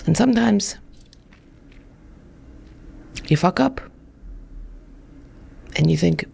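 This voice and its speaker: A man's voice: sits high, expressive, very slow, vocal fry, a little mellow, husky. A man delivering a candid, profane comedic monologue about his own struggles. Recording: music playing behind.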